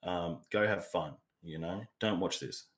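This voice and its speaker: A man's voice: sits low, measured pace. A man co-hosting a casual podcast, rambling and going off on tangents. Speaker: podcast co-host.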